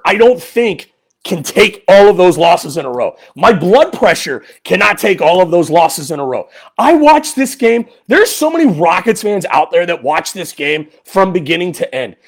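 A male podcast host delivering an exasperated, emphatic post-game rant full of rhetorical questions. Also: high-pitched.

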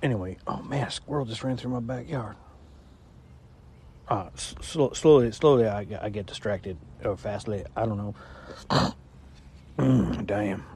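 A man's voice: fairly low pitch, measured pace, creaky, pauses often, a little mellow, slight background noise. A man delivering a rambling, stammering comic monologue as a regular caller, losing his train of thought.

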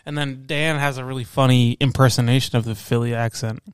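Insistent South Jersey podcast host. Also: male voice, medium pitch, fairly even intonation, a little fast, smooth, no echo, studio quality. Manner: emphatic, swearing, insistent, laughs often. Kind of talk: casual chat.

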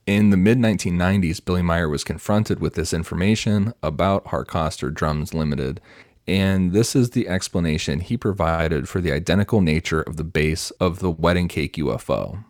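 A man presenting researched notes on a casual podcast, reading them in an even, matter-of-fact way. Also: sits low, normal speed, no room sound, clean studio sound.

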